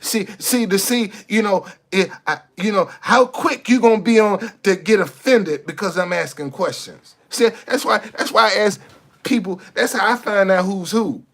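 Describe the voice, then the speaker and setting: High-voiced man, ranting bluntly and repetitively on a livestream. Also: moderate pace, a bit bright. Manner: preachy, repetitive, blunt with cursing. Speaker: livestream host. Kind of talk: casual livestream monologue.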